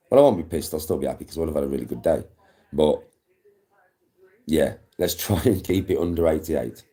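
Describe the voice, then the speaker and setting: Deep dark-voiced bloke in his 40s, casual livestream chat, swears a lot. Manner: chatty, swears freely, reads viewer names. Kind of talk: casual live-stream chat.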